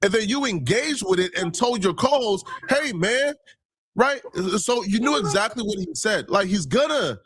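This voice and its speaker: A man's voice: high-pitched, expressive, normal speed, few pauses, fairly bright tone, slightly rough. A man hosting a reaction commentary, laying out his argument point by point in an indignant, emphatic tone. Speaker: commentary channel host.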